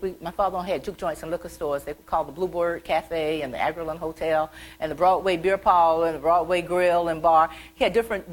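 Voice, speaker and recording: Woman, middle-aged, from the South, author at library talk, quick, lowish voice, chatty storytelling. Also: rough recording. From American South. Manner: chatty, animated, acts out childhood quotes. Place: library event room.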